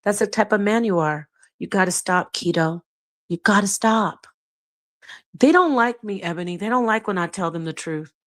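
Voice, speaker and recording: A middle-aged woman hosting a livestream commentary, reading chat comments in a blunt, sassy way with loud outbursts. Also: medium pitch, lively intonation, moderate pace.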